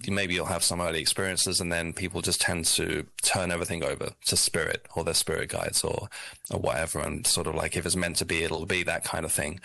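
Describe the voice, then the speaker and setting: A man's voice: low-pitched, pushed and bright, no echo. A British man, an author and guest on a radio show, talking in a reflective, rambling way with self-deprecating asides. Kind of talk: radio interview.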